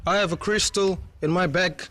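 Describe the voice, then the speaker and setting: A man's voice: high voice, steady tone, normal speed, bright, forceful tone, slight background noise. A young man telling a story to the camera in a rambling, casual way, full of fillers, restarts and frequent laughs. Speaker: vlogger.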